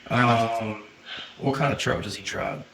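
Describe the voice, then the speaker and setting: A man's voice: medium pitch, fairly even intonation, a little slow, far from the mic, a crowd in the background, low-quality recording. A man questioning a witness in a police interview with brief, matter-of-fact questions. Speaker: police detective.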